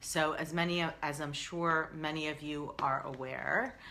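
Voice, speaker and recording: Low-voiced bright American woman. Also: fairly even intonation, unhurried. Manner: earnest, rambling with many ums and restarts. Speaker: live stream host, founder. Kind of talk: casual live stream talk.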